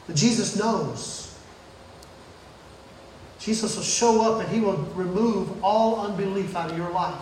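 A man preaching a sermon in a church, swinging from shouting to hushed near-whispers, with playful asides. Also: high voice, unhurried, pauses often, slight background noise. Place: church sanctuary. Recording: very echoey room, mic at a distance.

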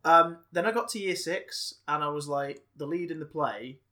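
A man's voice: on the high side, normal speed, bright, forceful tone. A man co-hosting a casual podcast, rambling along and swearing offhandedly. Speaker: podcast co-host.

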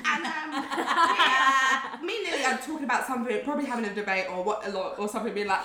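Lively woman telling stories. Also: a little high, fast talker, hardly any pauses. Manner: animated, laughs often, acts out dialogue. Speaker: podcast guest, actor. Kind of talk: casual chat, storytelling. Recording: roomy echo.

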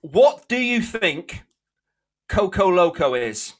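A man's voice: high-pitched, big pitch swings, takes it slowly. A man co-hosting a podcast, bantering playfully with his friends. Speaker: podcast co-host. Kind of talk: casual chat among friends.

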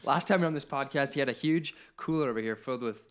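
A man co-hosting a casual podcast, who keeps cutting in with quick jokes. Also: mid-range voice, clear, resonant tone. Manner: quick joking interjections. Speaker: podcast co-host. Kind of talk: casual chat.

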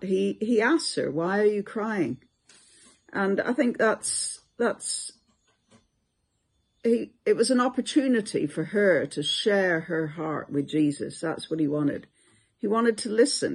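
A Bible teacher giving a reflective devotional video talk, unhurried with many hesitations. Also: medium pitch, vocal fry, slightly rough.

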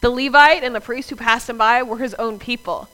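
Preaching in a conversational style, this Southern US woman addresses her congregation directly. She speaks briskly in a slightly high, bright, forceful voice, and the audio is poor.

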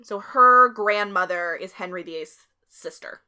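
A woman's voice: mid-range voice, measured pace, sharp tone, clear, resonant tone. A woman co-hosting a podcast, telling a history story in a casual, chatty way, laughing often. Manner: laughs often, swears, uses filler like.

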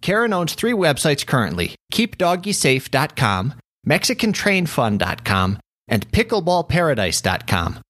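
A man's voice: a little high, wildly swooping pitch, moderate pace, fairly bright tone. A man hosting a podcast interview, probing his guest with follow-up questions. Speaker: podcast host. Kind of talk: conversational interview.

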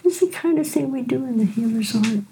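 An older woman, a physician and teacher, telling stories in a gentle, unhurried way during a conversation. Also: fairly high pitch, animated, slight background noise, rough recording. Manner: gentle unhurried storyteller, frequent "right?". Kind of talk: storytelling in a conversation.

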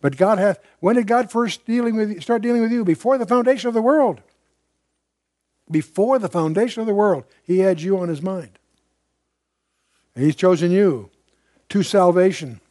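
High-voiced older man teaching Bible. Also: moderate pace, pauses often, warm tone, no room sound, studio quality. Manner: conversational, digressive, emphatic asides. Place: room with a live audience.

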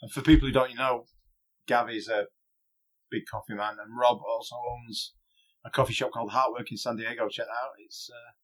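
A man's voice: medium pitch, little pitch movement, moderate pace, low-quality recording. A man co-hosting a podcast, bantering casually and swearing. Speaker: podcast co-host. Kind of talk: casual chat.

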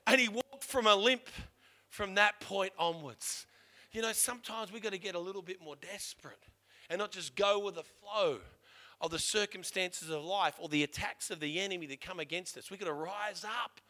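A middle-aged man preaching a sermon to his church, impassioned, swinging between loud urging and hushed emphasis. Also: high-pitched, normal speed. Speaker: pastor.

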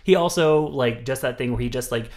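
A man co-hosting a casual film-review podcast, talking in an animated, profane way and slipping into mocking mimicry. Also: medium pitch, a little fast. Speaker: podcast co-host.

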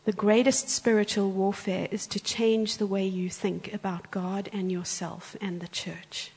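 A woman preaching a sermon in a church, telling a story with lively acted-out quotes. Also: medium pitch, a little slow, gravelly, slightly rough. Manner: animated storyteller, acts out quotes. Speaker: guest preacher. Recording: church hall with long reverb.

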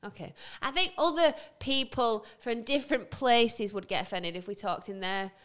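A woman from England co-hosting a podcast, bubbly and quick to laugh in casual chat. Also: fairly high pitch, fairly bright tone. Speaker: podcast co-host.

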